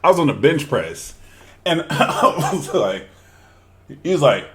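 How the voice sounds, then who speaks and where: A man's voice: mid-range voice, sing-song, takes it slowly, pauses often, a bit bright. A man co-hosting a casual podcast, laughing often and swearing while acting out stories. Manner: laughs a lot, swears, acts out quotes. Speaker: podcast co-host. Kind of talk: casual chat.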